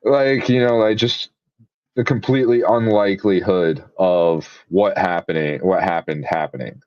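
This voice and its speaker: A man with a low voice chatting on a podcast, rambling and eager, full of fillers. The recording is dull and lo-fi with a dry, close sound. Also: moderate pace, no room sound. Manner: rambling, filler-heavy, enthusiastic. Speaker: podcast co-host. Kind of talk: casual chat.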